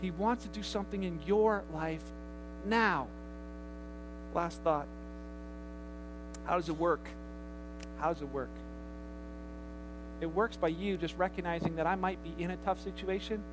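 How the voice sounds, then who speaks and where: A man preaching a sermon as pastor in a church, telling stories in a lively way with many restarts and quick asides. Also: a little high, noisy background. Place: church sanctuary.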